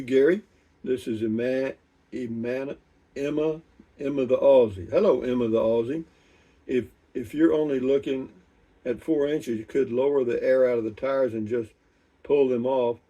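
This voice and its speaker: Relaxed older man, mic set back. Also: medium pitch, breathy edge, distant mic. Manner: unhurried, rambling, with many restarts. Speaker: vlogger reading viewer comments. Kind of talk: casual chat.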